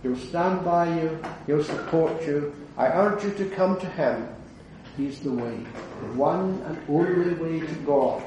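Distant preacher in a very echoey hall. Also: male voice, a little slow, noisy background. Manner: earnest, rising to fervent declarations then dropping low. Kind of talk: evangelistic sermon.

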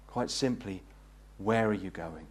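A man preaching a gospel sermon, earnest and pleading, rising to fervent peaks and then dropping low. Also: unhurried. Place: meeting hall.

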